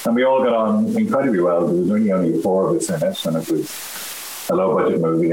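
A middle-aged Irish man, an actor being interviewed, talking in a halting way with many restarts. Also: low voice. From Ireland. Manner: halting, full of restarts and fillers. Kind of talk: casual interview chat. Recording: roomy echo with faint hiss.

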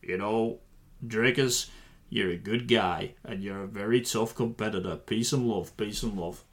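A man doing an impression of an elderly male drummer, slow, mellow and peaceful. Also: lowish voice, voice pushed down.

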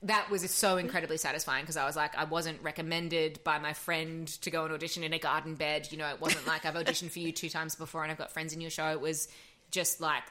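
A woman in her thirties tells audition stories in a casual podcast chat. Her voice sits a little low but is bright and forceful. She swears freely and throws herself into acting out what other people said. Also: fast. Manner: animated storytelling, swears freely, acts out quotes. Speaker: actor and audiobook narrator, guest.

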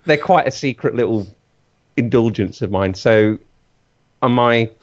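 A man's voice: medium pitch, a little slow. A man hosting a podcast in casual chat, English, chatty and self-deprecating, laughing often. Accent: English, northern-southern mix. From England. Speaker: podcast host. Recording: muffled lo-fi call audio.

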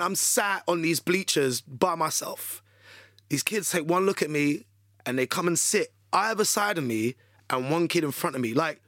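A man tells a story as a guest on an interview. His voice sits a little high for a man and has a gravelly, fry-laced edge. He talks in an animated, chatty way, full of fillers, and the sound is dry and close. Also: no echo. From London. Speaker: radio DJ guest.

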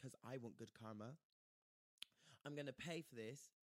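A man's voice: mid-range voice, moderate pace, no echo. A man telling a story in casual chat, acting out the people he quotes. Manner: animated, acts out quoted voices, slangy.

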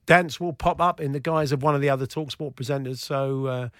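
A man co-hosting a radio sports talk show, bantering and teasing in a quick, jokey way. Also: mid-range voice, fairly bright tone.

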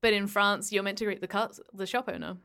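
A woman's voice: medium pitch, fairly even intonation, a little fast, vocal fry, a bit bright. A woman from Australia co-hosting a podcast, playfully building mock-earnest theories in casual banter. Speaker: podcast co-host.

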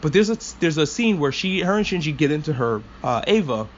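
Male podcast host, casual and profane, a rambling fan with a somewhat high voice; muffled mic, light hiss. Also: very animated, fairly quick. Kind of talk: casual anime discussion.

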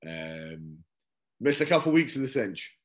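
A man co-hosting a football podcast, chatting in a relaxed, rambling way with lots of fillers. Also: mid-range voice, moderate pace. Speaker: podcast co-host. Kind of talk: casual chat.

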